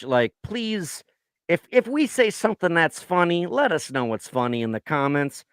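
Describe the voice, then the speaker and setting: A man's voice: fairly high pitch, a bit bright, clear, resonant tone, no room sound, studio quality. A man co-hosting a casual podcast from the United States, ranting with heavy swearing and mimicking people in his stories. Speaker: podcast co-host. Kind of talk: crude casual chat.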